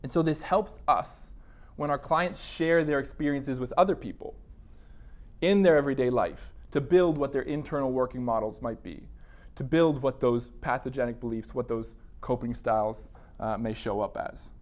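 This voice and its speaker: A man's voice: mid-range voice, normal speed. A man giving a university counseling lecture in a casual, conversational way, acting out his own inner dialogue. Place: classroom.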